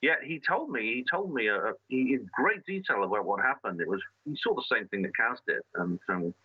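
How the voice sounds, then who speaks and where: A man's voice: medium pitch, expressive, husky, dry recording, lo-fi sound. A man talking as a guest on an interview show, telling his story earnestly and often restarting his sentences. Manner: earnest, halting with frequent restarts. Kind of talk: conversational storytelling.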